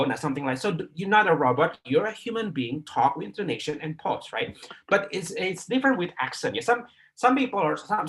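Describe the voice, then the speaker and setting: An Indonesian-accented man teaching a live online English class, his voice sitting a bit high for a man. He talks in loose runs of fillers and restarts and keeps tagging lines with "right?". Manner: filler-heavy, repeats words, keeps asking "right?".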